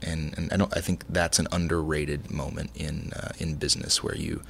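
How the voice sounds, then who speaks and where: Middle-aged male chef guest, deep gravelly voice, chatty and meandering in conversation. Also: normal speed, slight background noise. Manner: rambling, many restarts, animated storytelling. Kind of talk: casual interview conversation.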